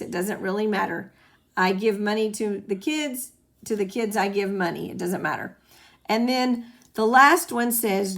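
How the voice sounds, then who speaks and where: A patient woman teacher talks through a grammar lesson in a slightly high voice. She repeats the key points to make them stick. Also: fairly bright tone. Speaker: Spanish teacher. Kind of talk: recorded classroom lesson.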